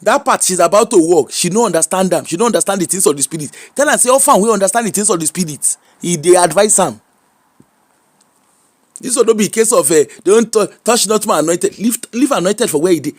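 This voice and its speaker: A man with a high-pitched voice and a Yoruba-inflected Nigerian accent speaks in casual, animated commentary. He is preachy and emphatic as he hands out advice, slipping between Pidgin and Yoruba. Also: brisk. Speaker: social media commentator.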